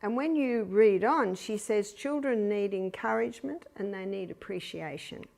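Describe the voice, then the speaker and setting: A woman's voice: mid-range voice, normal speed, vocal fry. Older Australian woman giving practical talk. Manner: anecdotal, chuckling, acts out quiet commands to babies. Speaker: speaker on child rearing. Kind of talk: lecture to an audience.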